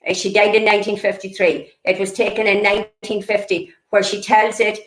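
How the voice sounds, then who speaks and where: A woman's voice: medium pitch, little pitch movement, brisk, fairly bright tone, echoey room, low-quality recording. A woman presenting local history, earnest and explanatory, with many fillers and restarts. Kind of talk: illustrated history talk.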